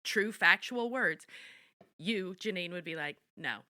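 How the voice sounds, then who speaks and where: A woman's voice: lowish voice, lively intonation, unhurried, pushed and bright. A woman co-hosting a podcast, recapping a TV episode in a candid, playful way. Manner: candid, playful, swears casually. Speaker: podcast co-host. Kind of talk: casual chat recapping a TV episode.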